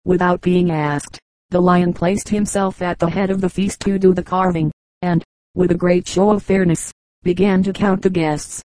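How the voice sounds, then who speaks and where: Female audiobook narrator, measured, mellow and dry. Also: fairly low pitch, no echo, low-quality recording. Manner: measured, steady reading. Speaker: audiobook reader. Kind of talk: scripted storybook narration.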